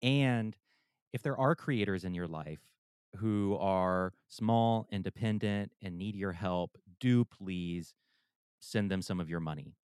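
A man's voice: low voice, slow pace, a little mellow, clean tone, no echo, studio quality. A man hosting his own podcast from a room at home, chatty and candid, poking fun at himself as he reads sponsors and thanks listeners. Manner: candid, chatty and self-deprecating. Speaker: podcast host. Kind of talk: casual podcast intro and sponsor read.

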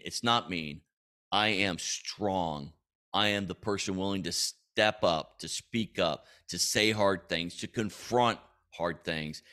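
A man's voice: lowish voice, fairly bright tone. Emphatic man hosting a faith podcast. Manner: emphatic, punchy, often checks in with "all right?". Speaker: podcast host. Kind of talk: faith-based personal coaching monologue.

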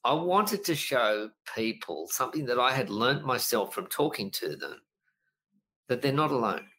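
A middle-aged business coach in a casual podcast interview, telling stories in an animated way and acting out quotes. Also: male voice, medium pitch, moderate pace, low-quality recording. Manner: animated storyteller, lively voices for quotes, frequent laughs.

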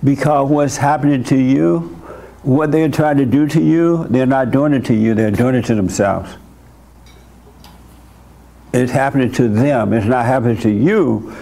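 Guy running a church session, mellow warm voice, keeps firing short questions at the caller, blunt and insistent. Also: medium pitch, unhurried, creaky, long pauses. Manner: direct and insistent, repeats words for emphasis; asks short pointed questions. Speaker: church host counseling a young caller. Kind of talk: blunt counseling conversation.

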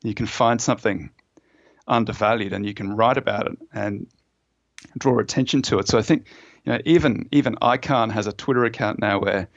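A man's voice: on the low side, fairly quick, no room sound, highs cut off. A man as a podcast guest, explaining at length and storytelling with fillers and restarts. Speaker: author and fund manager, guest. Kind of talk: conversational explanation in a podcast interview.

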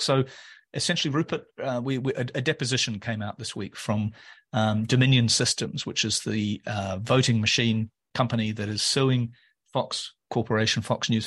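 Husky, wry male podcast co-host. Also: medium pitch, a bit bright. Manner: wry, joking, rambling asides. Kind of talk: casual political chat.

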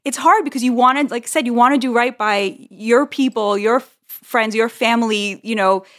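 A woman's voice: on the high side, moderate pace, a bit bright. A woman being interviewed, talking earnestly and building her argument step by step. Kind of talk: casual conversational interview.

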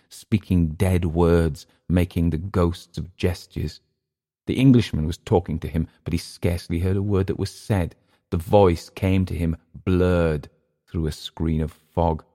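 A man reading a vintage short story aloud in steady, measured narration. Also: sits low.

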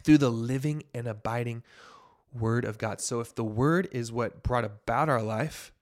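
A young man hosting a devotional podcast, teaching from the Bible in an earnest, emphatic way that builds to bursts of excitement. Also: medium pitch, normal speed. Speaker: podcast host sharing a devotional.

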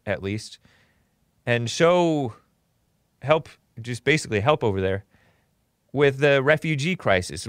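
A man's voice: medium pitch, a bit bright, no echo, clean studio sound. A man hosting a political call-in talk show, blunt and opinionated, rambling with sarcastic asides.

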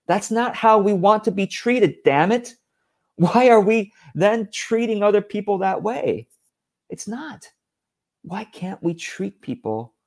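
A man's voice: high voice, a little mellow. A man giving a direct-to-camera business talk in a blunt, exasperated, emphatic manner. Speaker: business coach.

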